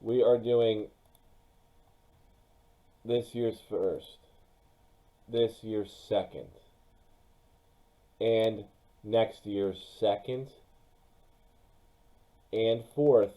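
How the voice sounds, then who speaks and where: A young man with a low, mellow voice talks through his football mock draft at an unhurried pace. He addresses his viewers directly and casually, and his voice jumps up when he gets excited about a pick. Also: rough recording. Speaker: sports YouTuber.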